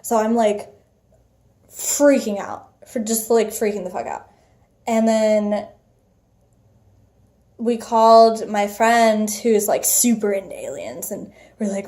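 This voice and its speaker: A young woman vlogger telling a personal story casually, animated, full of fillers and swearing. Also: medium pitch, slow pace, pauses often.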